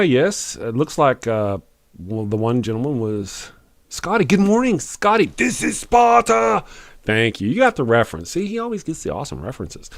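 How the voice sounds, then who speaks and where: A man hosting a live stream, reading chat comments out loud in a wry, chuckling, fast manner. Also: medium pitch. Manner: animated, chuckling, wry, quick after lots of coffee. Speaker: live-stream show host.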